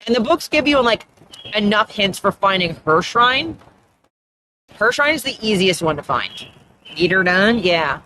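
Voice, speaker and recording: Casual woman streamer, Atlantic Canadian accent, mid-range pitch, rambling talk with a faint hum behind it. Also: sing-song, measured pace, bright, forceful tone. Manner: rambling and chatty, often trailing off and restarting. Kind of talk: casual chat while gaming on a live stream.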